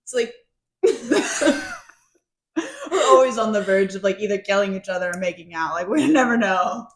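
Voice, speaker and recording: A woman in her twenties co-hosting a podcast, chiming in with jokes and quick banter about a book. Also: medium pitch, roomy sound. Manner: joking, chimes in with quick banter. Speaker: podcast co-host. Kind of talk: casual book-recap chat.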